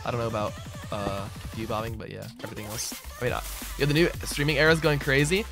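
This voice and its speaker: Laid-back male streamer, mid-range voice, answers chat loosely over clear background music. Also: mid-range voice, fast. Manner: relaxed, answers chat aloud, says "bro" a lot. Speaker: streamer and server owner. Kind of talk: casual livestream chatter while gaming.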